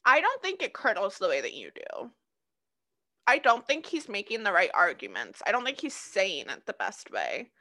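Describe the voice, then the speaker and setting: A woman's voice: mid-range voice, wildly swooping pitch, normal speed, bright, forceful tone. A woman co-hosting a podcast in casual chat, debating in a playful, teasing way. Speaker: podcast co-host.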